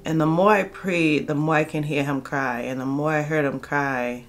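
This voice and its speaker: A woman's voice: low-pitched, fairly even intonation, normal speed, faint music behind. A woman telling a personal storytime vlog story, candid and conversational, acting out the dialogue. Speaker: vlogger.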